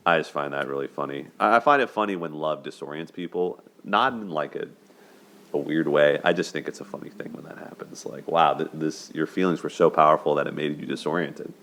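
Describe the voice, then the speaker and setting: A man with a low, deep voice talks through a film's love story in a loose, chatty way. He often checks in with his listeners by asking "right?" and laughs as he goes. It sounds like a relaxed host's commentary. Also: brisk. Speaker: host of a dating and movie commentary show. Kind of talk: casual spoken movie breakdown.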